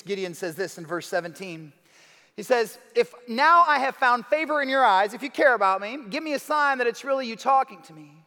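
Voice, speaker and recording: A man preaching a sermon as pastor, dramatic, moving between hushed lines and emphatic ones. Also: high-pitched. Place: church hall. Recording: reverberant hall.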